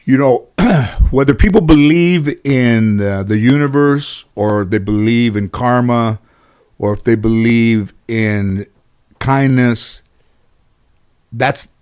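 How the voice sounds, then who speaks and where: Smooth and slow, a mid-range male voice carries these long anecdotes from a casual interview. The guest rambles, leans heavily on fillers, restarts his sentences, and performs the voices of the people he quotes with real animation.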